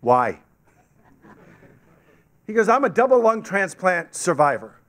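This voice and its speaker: In a meeting hall, a guest speaker with a high voice tells his story to a club audience at a slow pace. He's animated at the podium microphone and acts out the voices of people he quotes.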